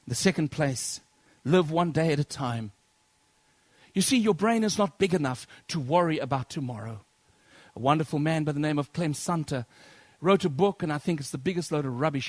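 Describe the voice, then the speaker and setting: A man preaching a sermon to his congregation, swinging from loud declaiming to soft near-whispers. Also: fairly high pitch, no room sound. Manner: addresses congregation as brethren.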